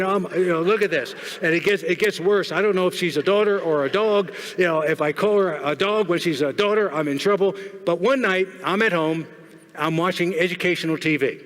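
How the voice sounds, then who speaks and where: A man with a somewhat high voice gives a keynote speech in a large hall, and long reverb trails behind every phrase. He keeps tossing questions at the audience and working jokes into his points. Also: fairly bright tone. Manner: jokey, asks the audience questions. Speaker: keynote speaker.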